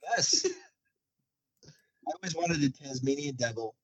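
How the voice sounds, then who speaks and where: Halting man joking crudely on a podcast. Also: on the high side, animated, dry recording. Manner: halting, repeats words, crude jokes. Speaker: podcast co-host. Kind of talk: casual banter.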